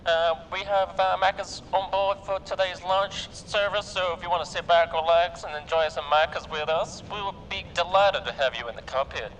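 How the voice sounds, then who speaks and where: Man doing airline captain, put-on American accent, mock-formal, crude jokes, slightly high voice, faint noise behind. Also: normal speed, few pauses, a bit bright, poor audio. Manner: mock-formal announcements laced with swearing. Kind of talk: mock cabin announcement on a flight-sim stream.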